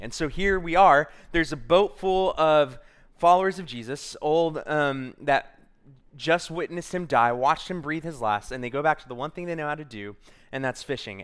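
A man's voice: mid-range voice, a bit bright. Man preaching a dramatic sermon story. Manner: dramatic, acts out quoted voices.

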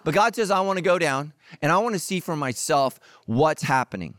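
A middle-aged man preaching a sermon, lively and joking, talking straight to his listeners. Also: a little high, fairly quick. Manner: energetic, jokey preaching with audience asides. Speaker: pastor.

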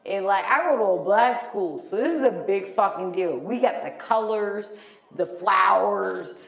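A woman co-hosting a podcast, telling a story in casual chat, animated and profane, loudly acting out the lines she quotes. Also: mid-range voice, unhurried, creaky, roomy sound. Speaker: podcast co-host.

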